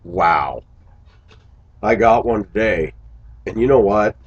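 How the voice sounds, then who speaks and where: A man's voice: lowish voice, animated, takes it slowly, slightly rough, muffled recording. A man talking to his viewers in a casual vlog monologue, musing aloud and breaking into exclamations. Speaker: vlogger.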